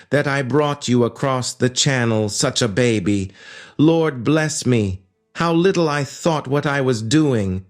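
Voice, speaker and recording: A man voicing a gentle, fussy old bachelor banker in an audiobook, speaking with fond, old-fashioned courtesy. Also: medium pitch, voice pushed up, natural voice. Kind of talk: audiobook character voice.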